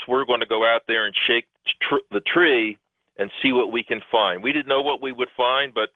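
A man's voice: medium pitch, no room sound. A man, a guest researcher, talks at length in a radio interview, rambling and emphatic with many fillers. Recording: tinny phone line, dry.

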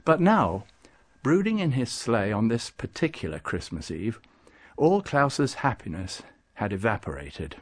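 A man narrating an audiobook, reading in a measured, expressive storytelling manner. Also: on the low side, faint music behind. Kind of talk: scripted narration.

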